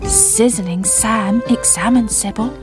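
A woman reading a children's story aloud with a lively, expressive storybook manner. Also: a little high, slow pace. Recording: children's music behind the voice.

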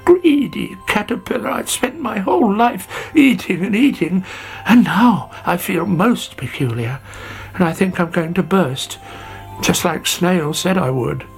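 A storyteller doing Sammy the squeaky greedy caterpillar. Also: lively intonation, unhurried, vocal fry, soft background music. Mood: tearful. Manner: squeaky, shrill cries. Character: greedy young caterpillar, excitable and whiny. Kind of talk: storybook character voice.

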